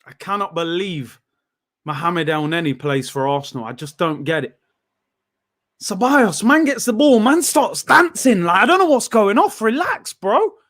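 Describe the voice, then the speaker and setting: Young man, high-pitched, football watchalong host, animated, frustrated, shouting outbursts. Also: moderate pace. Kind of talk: live match reaction.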